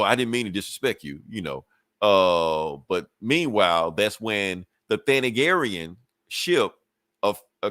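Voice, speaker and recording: A man's voice: medium pitch, a bit bright, no room sound, clean studio sound. A man casually recapping a comic book on a podcast, swearing freely and acting out the characters' lines. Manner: loose and profane, acts out characters' lines with laughs. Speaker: podcast co-host reviewing comics.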